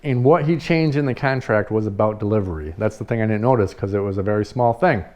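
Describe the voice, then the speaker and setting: A man who runs a party rental business, telling a story casually in an animated way, swearing freely and laughing now and then. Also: lowish voice, fast talker.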